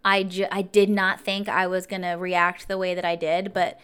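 A woman in her twenties telling a story in a casual vlog, animated and chatty, full of fillers. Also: on the low side, moderate pace, hardly any pauses, smooth. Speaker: vlogger.

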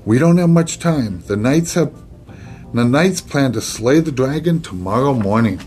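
A man's voice: medium pitch, lively intonation, darkish tone, faint music behind, voice pushed up, close to an everyday voice. A man doing a worried castle lady. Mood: urgent. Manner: hurried, relieved-then-urgent storybook voice.

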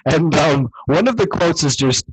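A man's voice: a little high, expressive, normal speed, background noise. A man co-hosting a comedy podcast, joking around and breaking into goofy voices. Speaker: podcast co-host. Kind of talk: casual comedic chat.

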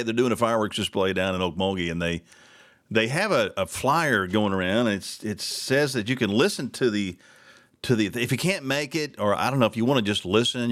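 A man's voice: on the low side, fairly bright tone. Ranting radio host man. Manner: ranting, exasperated, sarcastic. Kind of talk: casual talk radio monologue.

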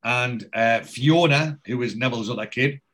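A man hosting a casual podcast, retelling a TV episode scene by scene and quoting the characters' lines, with a steady "he says" between quotes. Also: mid-range voice, normal speed. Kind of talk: casual chat recapping a TV episode.

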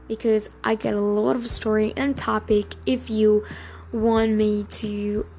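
A young woman hosting a casual solo podcast, talking haltingly with many fillers and restarts. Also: a little high, darkish tone. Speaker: podcast host.

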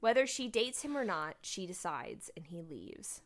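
A woman's voice: on the low side, very animated, normal speed. A woman co-hosting a casual chat, recapping a drama plot with filler words and frequent laughs. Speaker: podcast co-host recapping a drama.

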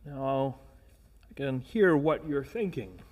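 A man's voice: mid-range voice, expressive, slow pace, darkish tone. A man preaching a sermon, earnest and emphatic, posing rhetorical questions and repeating words as he presses a point. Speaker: pastor.

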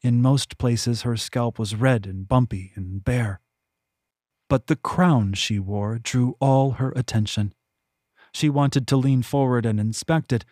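This is a man reading his fantasy book aloud as an audiobook narrator, keeping a calm, even rhythm. His mid-range voice comes through a close, dry recording that carries no room ambience.

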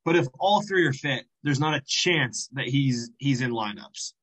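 A man co-hosting a podcast, working through his football points in a measured way. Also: mid-range voice, fairly bright tone, slightly rough, low-quality recording. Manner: measured, reasoning, with restarts. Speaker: podcast co-host. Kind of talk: casual sports chat.

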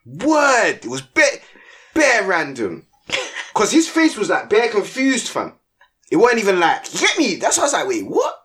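A man's voice: high-pitched, moderate pace, husky. A young man telling stories in a casual, slang-heavy podcast chat. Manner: slang-heavy storytelling, animated. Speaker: podcast co-host.

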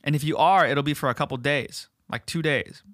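A man hosting a podcast in casual, rambling chat, swearing heavily and animated. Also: a little high, brisk, no echo, clean studio sound. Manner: profane, rambling, animated, filler words. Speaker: podcast host.

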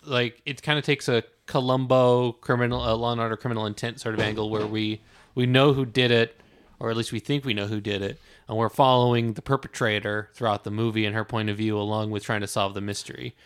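A man's voice: medium pitch, little pitch movement, a little fast, smooth. A man co-hosting a casual podcast, curious and asking questions. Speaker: podcast co-host. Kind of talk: casual chat.

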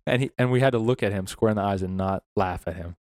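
A man's voice: on the low side, fast talker, darkish tone, no echo. A young adult man cohosting a casual chat, teasing and playful in how he retells a story.

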